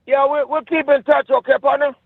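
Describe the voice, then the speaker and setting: A man's voice: very high voice, level tone, brisk, dry recording. A man selling a property over the phone, friendly and folksy, talking over the caller. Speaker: property seller on a call. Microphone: phone call. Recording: tinny muffled phone line.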